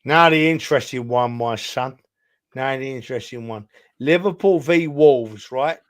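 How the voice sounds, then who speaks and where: A podcast co-host with a medium-pitched voice talks at a normal pace through a casual football discussion. Slightly drunk, he rambles with emphasis and habitually calls his co-host "son."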